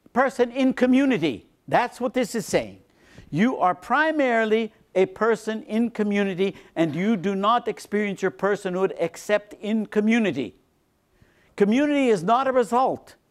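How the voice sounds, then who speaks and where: A man, a priest, giving a lecture on faith to a seminar, repeating phrases for emphasis and dropping into quiet low asides. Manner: animated, swings between emphatic lines and quiet low asides.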